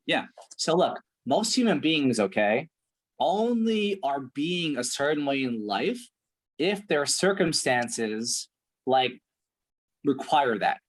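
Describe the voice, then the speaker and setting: A man's voice: medium pitch, sing-song, slow pace. A man coaching a client one-on-one, direct and profane, checking in with "right?" again and again. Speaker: performance coach. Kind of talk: blunt one-on-one coaching session.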